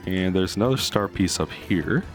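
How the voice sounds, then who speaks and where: A man's voice: sits low, lively intonation, normal speed. A young man casually commentating his gameplay, rambling and explaining game details. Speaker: let's play host. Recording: faint game music behind.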